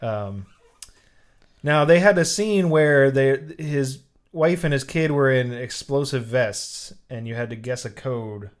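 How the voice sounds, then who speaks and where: Man, podcast co-host, casual movie chat, mid pitch, lively retelling, stumbles and restarts. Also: takes it slowly. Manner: animated storyteller, lots of "like" and restarts.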